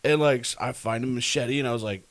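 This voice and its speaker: A man co-hosting a podcast in casual chat, recounting a story with animated delivery, frequent laughs and fillers. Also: medium pitch, fast talker, no room sound. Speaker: podcast co-host.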